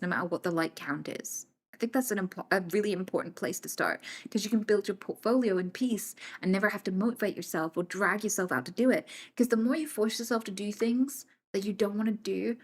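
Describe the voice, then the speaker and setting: Woman, British accent, live streamer, casual blunt chat, mid-pitched voice. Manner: blunt and chatty, swears freely, drifts between jokes and serious points. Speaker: livestreamer answering chat.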